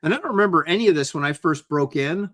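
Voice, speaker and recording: A man chatting casually on a livestream about the comics business. His voice sits a little high, and he hesitates often, searching for words. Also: expressive, quick pace, fairly bright tone. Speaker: comic book artist.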